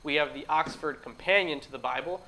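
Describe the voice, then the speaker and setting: A man's voice: on the high side, fairly quick, vocal fry, pushed and bright. A man co-hosting a casual group discussion, laid-back, laughing often and swearing offhandedly. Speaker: co-host.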